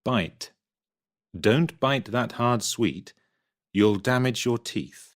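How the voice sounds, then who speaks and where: Expressive man reading slowly. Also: medium pitch. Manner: clear, expressive reading of examples. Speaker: textbook audio reader. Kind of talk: scripted vocabulary reading.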